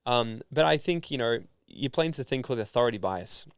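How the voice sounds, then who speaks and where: An Australian man telling stories in a casual interview, animated and full of fillers. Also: mid-range voice, fast, smooth, no echo, studio quality. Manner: animated storyteller, filler-heavy. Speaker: podcast guest, founder and speaker.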